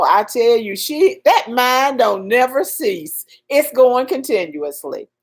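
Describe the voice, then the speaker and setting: A Southern woman hosting a casual livestream, greeting viewers by name and urging them on in a folksy, preachy way. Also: on the high side. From Southern United States. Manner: animated, swings between loud urging and soft murmurs. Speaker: livestream host. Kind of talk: casual live-stream chat.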